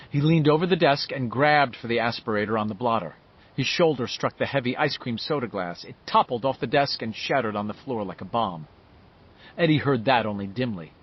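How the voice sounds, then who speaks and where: A man narrating a novel in an expressive storytelling manner. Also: medium pitch, breathy edge, dull audio. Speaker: audiobook narrator. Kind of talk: scripted narration.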